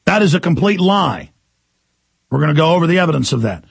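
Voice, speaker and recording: Male talk host, forceful lecturing monologue, raspy fry, dry close sound. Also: on the high side, sing-song, brisk, no room sound. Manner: forceful, lecturing, rambling asides. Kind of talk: political monologue.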